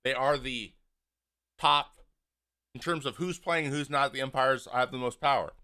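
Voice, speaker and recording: A man's voice: mid-range voice, moderate pace. A man hosting a casual talk show, breaking down a game clip, blunt and exasperated, acting out what players say. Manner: animated, acts out what players say. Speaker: host, former pitcher. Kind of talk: casual video breakdown commentary.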